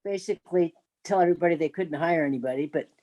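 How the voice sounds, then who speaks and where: A woman's voice: lowish voice, racing, dark tone, muffled recording. A woman chatting and joking on a video call, teasing the others. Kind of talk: casual video-call chat.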